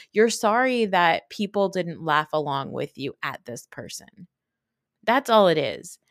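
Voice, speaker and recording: A woman's voice: mid-range voice, no room sound, clean studio sound. A young adult woman hosting a podcast, recapping a reality show in a blunt, profane, casual rant full of "like.". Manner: blunt, profane, animated ranting with frequent "like". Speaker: podcast host.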